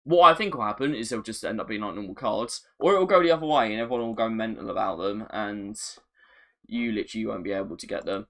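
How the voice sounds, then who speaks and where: Guy on a live stream, excitable, repeats himself a lot, pokes fun at himself. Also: on the low side, fast. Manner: chatty, excitable, repeats phrases, self-mocking. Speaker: gaming streamer. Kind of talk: casual live-stream chat.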